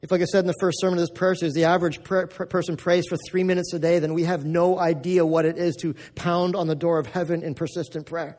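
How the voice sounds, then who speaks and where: A man's voice: fairly high pitch, flat delivery, fast, hardly any pauses, darkish tone. A male pastor from North America giving a conversational, emphatic sermon with lots of repetition.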